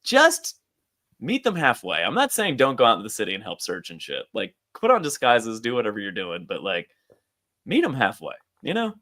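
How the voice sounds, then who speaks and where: A man co-hosting a casual podcast, his pitch leaping all over as he jokes and swears. He slips into quick character voices to act out scenes. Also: huge pitch swings, sharp tone. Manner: crude, joking, acts out characters in voices. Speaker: podcast co-host. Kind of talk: casual chat.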